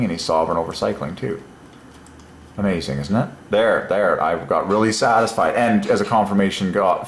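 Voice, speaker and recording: A man presenting word-number puzzles on his own, thinking aloud with growing excitement and chuckling between points. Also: deep voice, roomy sound, slight background noise.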